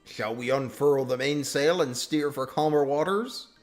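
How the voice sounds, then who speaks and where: A hearty pirate sidekick rolls out his words slowly in a stretched, swaggering drawl, as a man puts him on while reading game lines. He sounds eager and game for a fight. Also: mid-range voice, faint music behind, lightly acted. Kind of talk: reading game dialogue aloud in voices.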